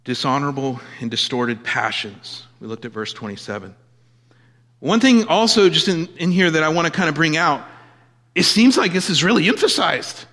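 A man preaching a sermon, emphatic, swinging from loud declarations to quiet asides. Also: a little high, sing-song, moderate pace. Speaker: pastor. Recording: long hall reverb.

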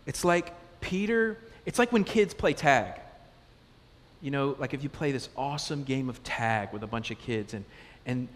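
A man preaching a sermon as pastor, conversational and animated, asking the congregation question after question. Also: medium pitch, normal speed. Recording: long reverb of a large hall.

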